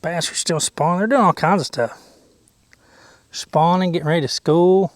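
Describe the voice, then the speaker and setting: Speaking with a drawl and a slightly high pitch, this fishing vlogger narrates his trip from a boat outdoors at a moderate pace, with no room sound. His casual commentary rambles playfully and goofily, full of jokes, chatty asides, whispers to himself, and silly sing-song noises.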